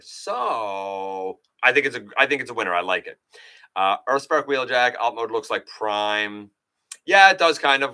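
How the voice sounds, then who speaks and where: A man's voice: fairly low pitch, sharp tone. A man hosting a casual live stream, chatting animatedly, running a quiz and reading out viewer comments. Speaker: live show host.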